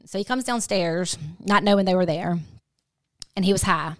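A middle-aged woman telling a hard family story as a podcast guest, earnest and halting, often restarting her sentences. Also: lowish voice, no echo, studio quality. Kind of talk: candid personal storytelling.

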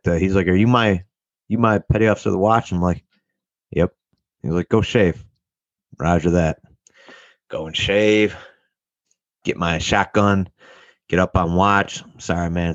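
A young man tells a rambling, profane story, jumping into the voices of the people in it. His voice sits on the low side. The sound is slightly muffled and very dry, with no room around it. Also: no echo. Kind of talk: casual storytelling.

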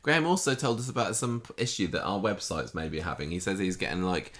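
Deep-voiced man, lively podcast host. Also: quick pace. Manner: dry, joking, chatty. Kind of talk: casual podcast chat.

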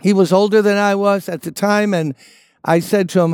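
A man's voice: sits high, moderate pace, a little mellow, clean tone, no room sound, studio quality. A man preaching a sermon as a pastor, emphatic and repeating his key phrases.

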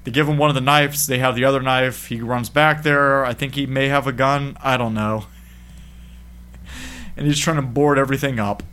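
A man's voice: mid-range voice, fairly even intonation, moderate pace, a bit bright, clear, resonant tone. A man casually recapping a horror movie with a friend, laughing often, swearing, and acting out the characters' lines. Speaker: podcast co-host.

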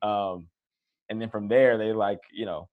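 A man's voice: lowish voice, measured pace, narrow, tinny audio. A man, a former pro football player, casually telling his career story in an interview, acting out the voices he quotes. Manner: relaxed, animated retelling with quoted voices. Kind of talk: conversational storytelling.

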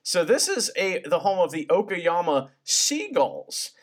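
A man's voice: sits high, sing-song, unhurried. A man co-hosting a podcast in casual, jokey, rambling chat. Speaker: podcast co-host.

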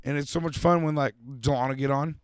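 A man co-hosting a casual podcast, rowdy and profane, handing out shout-outs and peppering his talk with "dude" and "baby.". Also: a little high, steady tone, quick pace, crowd noise. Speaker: podcast co-host.

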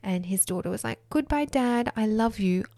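A woman in her thirties telling a personal story in an earnest, reflective way, laughing softly between thoughts. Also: a little high, lively intonation, normal speed, no room sound. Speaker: podcast host.

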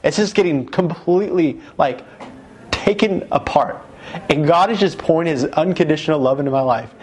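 A man giving an emotional testimony as a guest, retelling it with excited, animated emphasis that jumps up at key moments. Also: on the high side, normal speed, breathy edge.

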